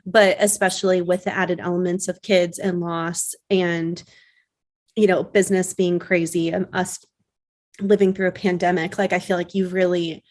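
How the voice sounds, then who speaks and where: A woman's voice: fairly low pitch, flat delivery, moderate pace, darkish tone. A woman in her thirties co-hosting a podcast, chatty and earnest, often restarting her sentences in casual conversation. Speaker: podcast co-host. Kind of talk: casual chat.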